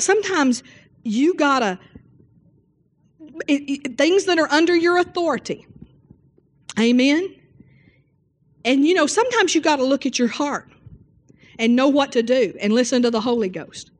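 A woman's voice: high voice, expressive, measured pace, long pauses. A woman preacher telling stories in a sermon, often asking "Amen?" between rambling asides. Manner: storytelling, repeating "Amen" and fillers.

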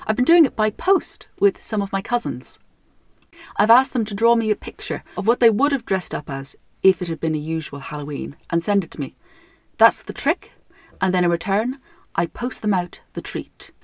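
Irish woman, young adult, storybook narration, gentle, dry close sound. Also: medium pitch, lively intonation, normal speed, no echo.

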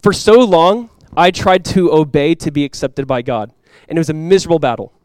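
A young man preaching a sermon as a pastor. He talks in a casual, conversational way with lots of "like," and swings from quiet, earnest lows to loud, excited highs. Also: fairly quick, no echo. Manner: casual and conversational, with many "like" fillers.

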